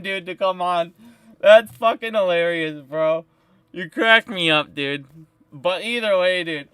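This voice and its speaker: Male live streamer, fired-up and swearing constantly, with a forceful voice in a dry room. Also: high-pitched, takes it slowly, clean tone, no room sound. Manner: heated, profane and emphatic. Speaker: stock market live streamer.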